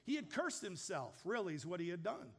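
A man's voice: high-pitched, sing-song, fairly quick, fairly bright tone, breathy edge. A man in his fifties preaching a sermon, telling a story in an earnest, direct way. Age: 50s. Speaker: pastor.

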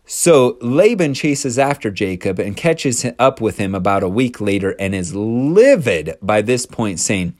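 A man's voice: on the low side, lively intonation, measured pace, no echo, studio quality. A man teaching a casual scripture lesson, retelling the story with chatty, slangy asides.

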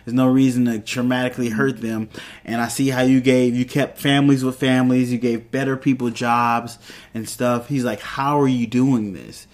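A man casually recapping a TV episode, rambling and restarting often, dropping into quick quoted voices for the characters. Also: mid-range voice, little pitch movement. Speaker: TV show reviewer.

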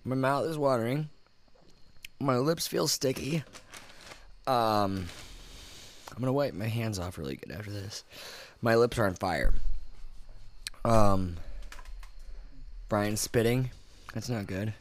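A man's voice: fairly low pitch, slow, long pauses. A man co-hosting a podcast, talking casually and rambling through the pain of eating very hot wings. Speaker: podcast co-host. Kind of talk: casual chat.

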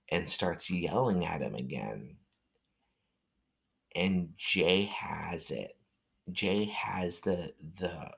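Slow, deep-voiced man rambling. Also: vocal fry, fairly bright tone, husky. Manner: rambling, halting, with many fillers and restarts. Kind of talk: casual recap of a wrestling match.

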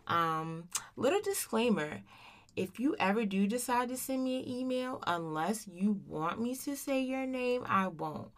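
A woman's voice: mid-range voice, creaky, a bit bright. A woman in her thirties hosting her own podcast in a casual solo monologue, blunt and profane, full of slang, often tagging lines with "right?". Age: 30s. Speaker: podcast host.

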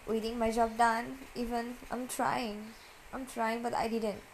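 A woman with a slightly high voice shares her worries in a soft, confessional monologue. She talks haltingly, circles back over the same words and gropes for what to say next. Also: little pitch movement, slight background noise, low-quality recording. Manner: hesitant, halting and repetitive, searching for words. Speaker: vlogger.

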